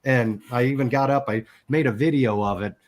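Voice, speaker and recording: A man's voice: mid-range voice, fairly quick. Candid man in his forties. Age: 40s. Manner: candid and emotional, swears casually. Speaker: podcast guest. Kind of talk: personal storytelling.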